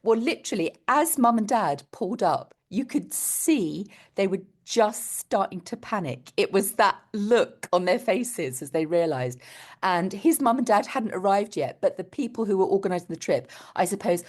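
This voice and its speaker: A middle-aged woman with a mid-range voice and moderate pace co-hosts a casual podcast. Her storytelling is animated, and she laughs a lot throughout.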